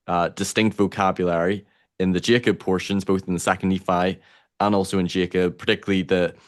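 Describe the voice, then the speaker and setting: A man's voice: sits low, little pitch movement, brisk. A man hosting a casual interview podcast, asking long, hesitant questions with many fillers. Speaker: podcast host.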